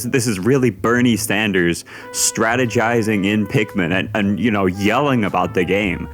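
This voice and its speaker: A man narrating a video essay, telling the story in a wry, amused way. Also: lowish voice. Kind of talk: scripted narration with commentary.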